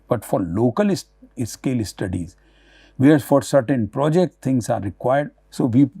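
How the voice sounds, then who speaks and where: A man giving a recorded academic lecture, halting often with fillers and restarts. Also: medium pitch, gravelly, mellow, no echo, studio quality.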